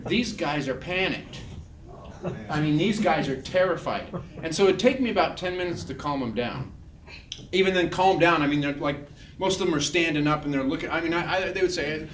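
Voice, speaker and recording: A man telling a humorous story in a talk, animated and acting out quotes loudly. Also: high-pitched, normal speed, slight background noise. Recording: roomy, distant mic.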